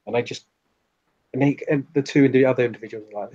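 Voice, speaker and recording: A man's voice: medium pitch, fast talker, warm tone, no room sound. A man narrating as game master for a tabletop game, with a rambling, stop-start delivery and a slightly muffled recording. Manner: rambling, with many restarts.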